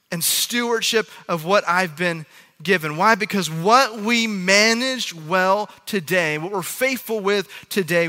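A man with a high, very bright and forceful voice, preaching in a loose, conversational way and often tossing quick asides to his listeners. His sermon rings out with a long reverb, as in a large church hall. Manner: conversational, frequent "right?" asides to the audience. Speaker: pastor.

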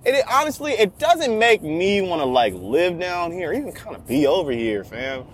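A young man telling a story in a casual, profane, animated rant, repeating himself a lot. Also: sits high, normal speed, a little hiss or hum.

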